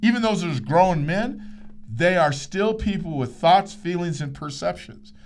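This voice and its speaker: A man's voice: sits high, expressive, measured pace. A man hosting a podcast, telling a coaching story in an earnest, emphatic way and acting out the dialogue. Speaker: podcast host, coach educator. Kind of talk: motivational storytelling monologue.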